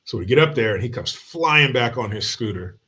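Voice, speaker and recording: With a mid-range voice, lively intonation and a brisk, bright, forceful tone, a man hosts his own livestream. He's a profane joker, spinning family stories full of swearing and frequent laughter.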